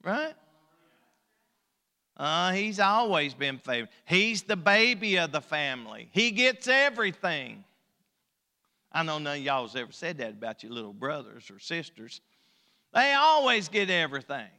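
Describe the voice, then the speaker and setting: A man preaching a sermon as pastor, telling folksy stories in a hushed voice, then rising into loud exhortation. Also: on the high side, lively intonation, measured pace, long reverb tail. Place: church sanctuary.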